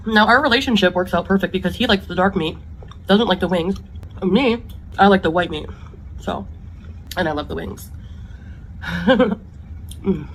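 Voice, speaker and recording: A woman's voice: medium pitch, a little hiss or hum, low-quality recording. A woman hosting an eating show, chatting about her meal and savoring each bite. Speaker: mukbang host.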